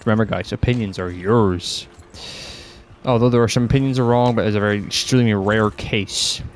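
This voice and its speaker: A man's voice: lowish voice, fairly even intonation, brisk. A Scottish man ranting bluntly and rambling on a casual podcast, swearing heavily and sounding fed up. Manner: exasperated, fed-up. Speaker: podcast host.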